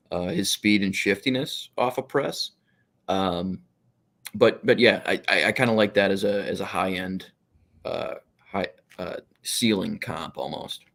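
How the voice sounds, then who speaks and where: A man guesting on a sports podcast, talking in a hesitant, halting way with lots of fillers. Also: low voice. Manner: hesitant, many fillers and restarts. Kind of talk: casual sports analysis.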